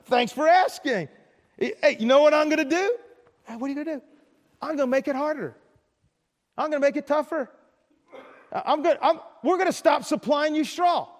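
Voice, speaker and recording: A man doing a haughty, mocking king of Egypt, sneering and tripping over his words in a sermon retelling. The voice sits high and rings with the long reverb of a big hall. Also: normal speed, long pauses. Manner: mocking and stammering. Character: proud sarcastic Egyptian king, male.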